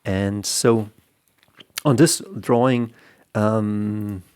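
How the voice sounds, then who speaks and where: A man's voice: fairly low pitch, steady tone, drawn-out words, darkish tone, clean tone. A man who is a comic artist, explaining his comics in loose, rambling casual talk and often repeating words as he restarts.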